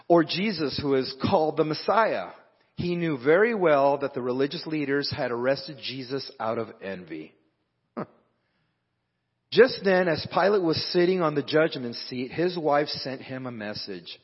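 A pastor with a slightly high, husky, animated voice preaches to his congregation at a moderate pace, conversationally breaking off the reading to address the room. The church hall has a live band, and the dull lo-fi recording carries long hall reverb.

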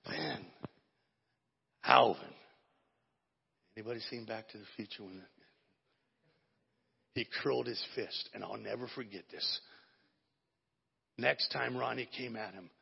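A man preaching a sermon as pastor, moving from hushed storytelling to shouted preaching. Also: medium pitch, measured pace, creaky, long pauses, husky. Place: church sanctuary. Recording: dull lo-fi audio with long hall reverb.

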